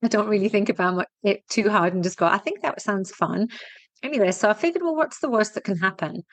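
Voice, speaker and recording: A woman's voice: medium pitch, quick pace, no echo. A middle-aged woman from Teesside with a blurred northern English accent, telling her story as a podcast guest in a chatty, blunt, self-mocking way. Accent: mixed northern English, Teesside. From Teesside, England. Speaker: guest, fitness and women's health expert. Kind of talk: casual interview chat.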